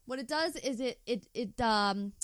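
A high-voiced woman chats casually on a podcast, wandering through her stories and hedging her claims. The sound is dry and close. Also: unhurried, clear, resonant tone, dry recording. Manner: chatty, meandering, hedging storyteller. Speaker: podcast co-host. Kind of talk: casual chat.

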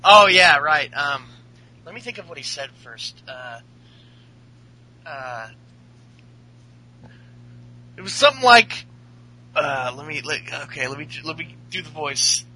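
A man's voice: on the high side, lively intonation, unhurried, bright, forceful tone, breathy edge, no echo, poor audio. A man hosting a casual podcast chat, rambling and swearing as he recaps a show. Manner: rambling, profane, laughing. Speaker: podcast host.

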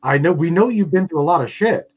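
Man, blunt, encouraging, swears casually, somewhat high, husky. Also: animated, quick pace, lo-fi sound. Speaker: interview host. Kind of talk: casual conversation.

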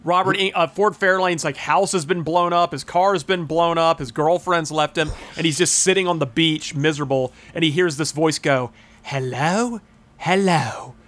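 A man's voice: fairly high pitch, fairly even intonation, moderate pace, hardly any pauses, a bit bright. A man co-hosting a casual podcast, animatedly retelling movie scenes and swearing freely. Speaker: podcast co-host. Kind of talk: casual chat, storytelling.

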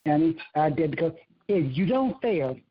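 Husky man preaching about commitment. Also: fairly high pitch, big pitch swings, quick pace, highs cut off. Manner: preachy, profane, repeats himself. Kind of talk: casual motivational rant.

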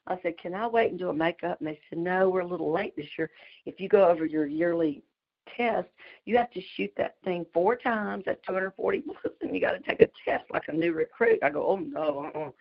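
A low-voiced middle-aged woman with a drawl tells a story at a quick, chatty clip, breaking into laughs between phrases. Her voice comes over a muffled, lo-fi call line. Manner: fast-talking, chatty, laughs mid-sentence. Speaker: community call participant. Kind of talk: casual storytelling on a group call. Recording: dull lo-fi call audio.

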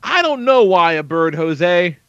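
Profane, animated man telling a story. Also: sits high, measured pace, smooth. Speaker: podcast host. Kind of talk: casual chat, storytelling. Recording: dull lo-fi podcast audio.

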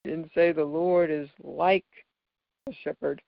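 A man with a higher, gravelly voice teaches figures of speech from scripture, speaking slowly with fairly even intonation. He explains patiently, often checking in with "right?", and the recording is dull, lo-fi and dry with no room sound.

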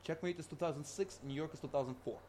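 A man's voice: on the high side, slight background noise. A man co-hosting a podcast, chatting casually about music, swearing a lot and talking over his partner. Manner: fast, profane, excitable, talks over his partner. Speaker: podcast co-host. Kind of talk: casual chat.

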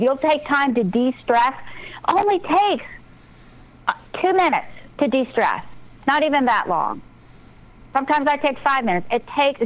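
A woman who writes books is a guest on a relaxed radio interview, offering sincere, motivational thoughts on breathing and intuition. Her voice is a little high, and the recording quality is low.

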